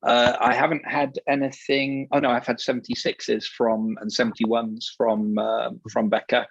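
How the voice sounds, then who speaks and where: A man in his sixties talks in a flat, even tone, pausing often and wandering through his points as he talks as a guest expert. The sound is dull and lo-fi, like video call audio, with a dry, close feel. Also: mid-range voice, gravelly, breathy edge, no room sound. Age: 60s. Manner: hesitant, rambling, many fillers. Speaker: wine merchant, guest expert. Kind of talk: casual panel talk.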